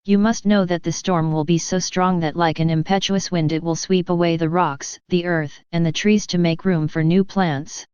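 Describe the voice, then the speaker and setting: A woman's voice: fairly low pitch, fairly even intonation, normal speed, hardly any pauses, darkish tone, smooth, no room sound, close to an everyday voice. A woman reading the words of a sorrowful divine man who pleads for love, in a solemn, earnest way. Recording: dull, slightly lo-fi dry recording.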